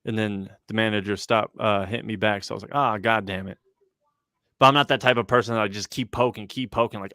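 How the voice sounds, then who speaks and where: A man's voice: lowish voice, steady tone, fast, sharp tone, no room sound, studio quality. Laid-back young man, slangy storyteller. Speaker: rapper and guest. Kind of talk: casual chat on a livestream podcast.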